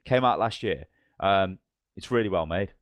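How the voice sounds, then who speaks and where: A man co-hosts a podcast, rambling through long stories in casual talk while swearing freely and voicing the people in them. His voice is low, his speed normal, and there's no echo.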